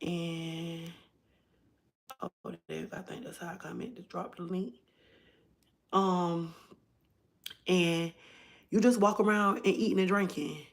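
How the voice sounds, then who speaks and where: A woman's voice: fairly low pitch, steady tone, slow pace, long pauses. A woman chatting casually on a phone livestream, rambling and talking straight to her viewers. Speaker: livestream host.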